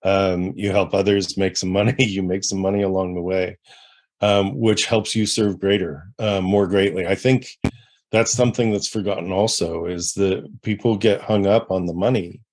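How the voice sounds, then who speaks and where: A man hosting an interview on a call, affirming his guest with a relaxed, conversational manner. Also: deep voice, moderate pace. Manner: affirming, with soft listening sounds. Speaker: interview host. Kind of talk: casual interview chat. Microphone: remote call.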